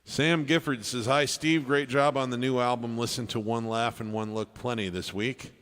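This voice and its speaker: Guy reading out chat requests on a live music stream, mid pitch, big reverby hall sound with music going. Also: fairly even intonation, normal speed. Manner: friendly, thanks viewers by name, trails off softly. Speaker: livestream piano performer reading chat requests. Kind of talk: casual livestream chat.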